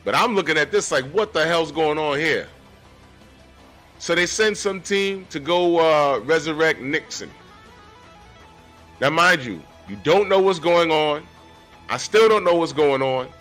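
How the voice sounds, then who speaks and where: A man in his forties giving animated, casual commentary on a comic book, talking straight to his viewers. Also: fairly high pitch, a little slow, long pauses, soft background music. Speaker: comic book reviewer and artist.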